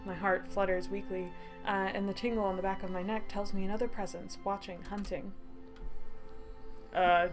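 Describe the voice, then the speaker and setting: A woman's voice: mid-range voice, steady tone, normal speed, soft background music. A woman streaming a story game, reading the narration aloud and breaking into giggly, self-mocking asides.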